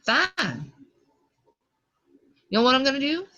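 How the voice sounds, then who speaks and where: A woman with a Minnesota accent drawls slowly through a scattered live hangout, her tone bright and sharp. She keeps breaking off to talk to her children. Her voice comes through a dull, lo-fi video call. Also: lowish voice, expressive. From American South. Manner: scattered, talks to her children mid-stream. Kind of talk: rambling live hangout monologue.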